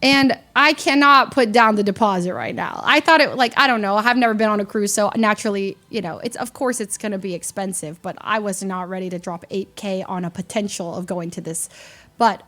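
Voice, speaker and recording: A woman livestreamer in casual chat with her viewers, rambling and animated, often laughing at herself and restarting her sentences. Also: mid-range voice, moderate pace. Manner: rambling, animated and self-deprecating, with frequent restarts.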